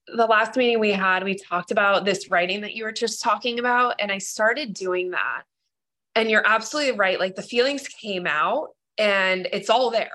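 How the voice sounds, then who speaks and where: A woman's voice: medium pitch, sharp tone. A woman sharing her writing struggles in a group workshop, talking earnestly and emotionally with many fillers over a video call. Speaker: workshop participant. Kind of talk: casual group discussion.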